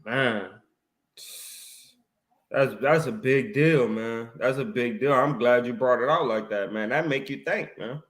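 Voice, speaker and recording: A man's voice: mid-range voice, unhurried, a bit bright, reverberant. A man talking casually about faith in a preachy way, ending his lines with "right?" and "man.". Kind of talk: casual religious discussion.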